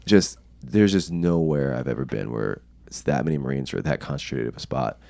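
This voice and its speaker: Guesting on a podcast, a young man from the United States relates casual stories full of profanity and laughter. He has a very deep, gravelly voice that is a little mellow, and he speaks briskly.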